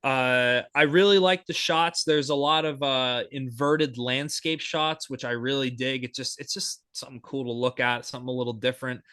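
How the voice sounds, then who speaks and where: A man's voice: medium pitch, fairly even intonation, moderate pace, few pauses, pushed and bright, clean tone, no echo, studio quality. A young man co-hosting a podcast, chatting casually and enthusiastically, rambling with lots of fillers and restarts. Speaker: podcast co-host.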